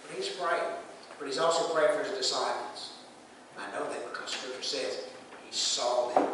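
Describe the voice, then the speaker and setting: A man's voice: on the high side, pushed and bright, slight background noise. A man preaching a sermon, talking plainly and putting questions to the congregation. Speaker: pastor. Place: church sanctuary. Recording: echoey hall recording from a distance.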